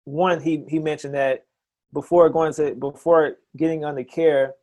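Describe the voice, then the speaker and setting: A man's voice: a little high, steady tone, a little mellow. A man who works as a chiropractor, talking eagerly in a casual interview, often restarting his sentences. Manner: enthusiastic, talks in quick bursts with many restarts.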